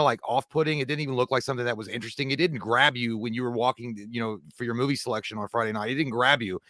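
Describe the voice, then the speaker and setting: A man's voice: medium pitch, sharp tone, no room sound, studio quality. A man co-hosting a live movie show, rambling through jokes and memories in a casual, profane chat. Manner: rambling, joking, full of asides and restarts. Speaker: podcast co-host. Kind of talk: casual live-stream banter.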